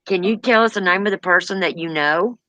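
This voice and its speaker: A host running a live spirit box session, asking questions in a calm, drawn-out way. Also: medium pitch, dry recording, muffled recording. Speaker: paranormal stream host.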